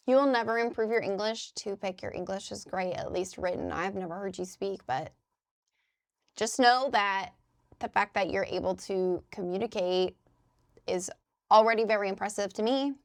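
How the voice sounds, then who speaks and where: At an indoor crafting desk, a young US Midwestern livestreamer talks casually with her chat and swears loosely. Her mid-range voice comes through clean, studio-like, and echo-free.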